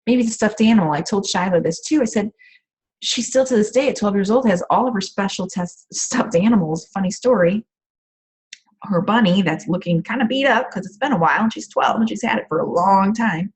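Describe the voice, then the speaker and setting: A woman's voice: mid-range voice, a little fast, husky. A woman coach giving casual, rambling advice on a group call from her home office, with frequent "um" fillers. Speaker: empath coach.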